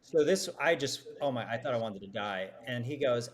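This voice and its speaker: A man, an advertising executive, telling lively, self-deprecating stories as a guest on a podcast interview. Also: mid-range voice, normal speed. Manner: animated, self-deprecating storytelling.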